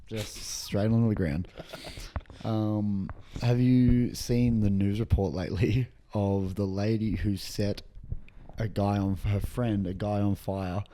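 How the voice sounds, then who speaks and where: Whispered role-play: male co-host, low, mellow, crude joking. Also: fairly even intonation, takes it slowly, a little hiss or hum. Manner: whispering, reading news aloud, crude joking. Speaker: podcast co-host. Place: hotel room.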